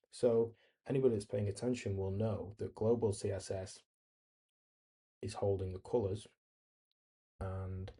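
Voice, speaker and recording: A man hosts a relaxed screen-recorded coding tutorial, thinking aloud as he types. His voice is low, very dark and mellow, with a husky edge. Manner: easygoing, thinks aloud while typing and reading replies. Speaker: tutorial host.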